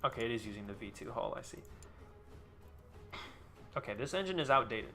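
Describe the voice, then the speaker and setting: A young man chats through his game stream in a bright, clear voice, teasing his viewers and swearing loosely. His talk is offhand and jokey, and faint music plays behind him. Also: mid-range voice, lively intonation, brisk. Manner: joking banter with chat, swearing. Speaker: live streamer. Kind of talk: casual gameplay commentary.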